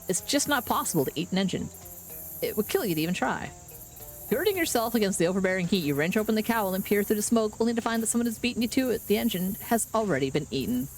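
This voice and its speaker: A woman streaming a game, reading the on-screen text aloud with playful, deadpan asides. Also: medium pitch. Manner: playful, deadpan asides, does silly frog voices.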